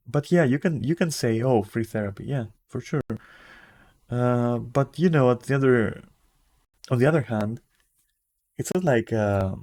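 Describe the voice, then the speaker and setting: A man streamer ranting casually and bluntly, swearing freely and acting out little conversations as he talks. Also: a little mellow. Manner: acts out conversations with shifting pitch.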